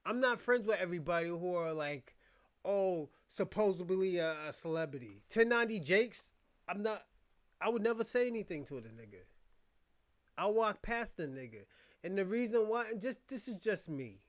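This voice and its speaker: A man's voice: sits high, very animated, normal speed. A man from Boston giving a casual commentary rant, blunt, profane and repetitive as he vents. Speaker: commentary host.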